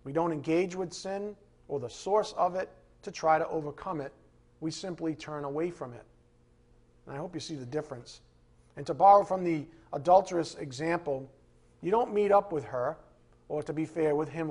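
A male pastor preaching with force, repeating his key lines for emphasis. He breaks in with jokes to loosen up his listeners. His voice sits a little high and sounds husky. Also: brisk, darkish tone. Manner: emphatic, with joking asides to the congregation. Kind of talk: sermon.

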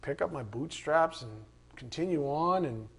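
A man's voice: a little high, lively intonation, normal speed, gravelly, a bit bright, husky. A man leading a Bible study, reading passages aloud and adding earnest, casual asides. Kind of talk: conversational Bible teaching.

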